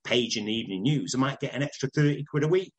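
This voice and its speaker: Older manchester guy chatting in an interview, husky voice, rambling stories, laughs a lot. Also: medium pitch, animated, fast, rough recording. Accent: Northern English, Manchester. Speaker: interviewee, broadcaster. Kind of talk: casual interview chat.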